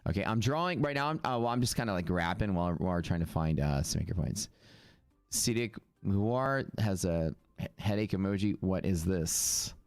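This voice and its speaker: A man's voice: low-pitched, lively intonation, normal speed, no echo. A man with a Texas accent chatting casually on a live trading stream, rambling and reading viewer comments aloud. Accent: Texan.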